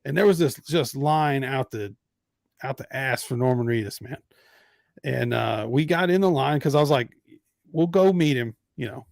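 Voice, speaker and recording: A man's voice: medium pitch, normal speed, creaky, no room sound, studio quality. A man hosting a podcast, telling a story in casual chat and acting out the people in it. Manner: animated storyteller acting out quotes. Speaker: podcast host.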